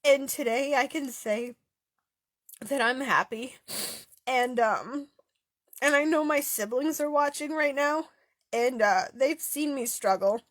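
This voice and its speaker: A young woman telling a personal story through tears, halting and stopping often with fillers and pauses. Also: sits high, no echo, clean studio sound. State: tearful, voice breaking. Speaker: author sharing a personal story. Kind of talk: emotional personal testimony.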